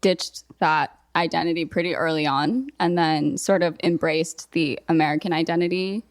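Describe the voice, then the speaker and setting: This is a young adult woman with a slightly low-pitched voice. She talks like a podcast guest, in a relaxed and reflective way. She leans on "like" while she gathers her thoughts. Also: moderate pace. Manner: reflective, frequent "like" fillers. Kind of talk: casual conversational interview.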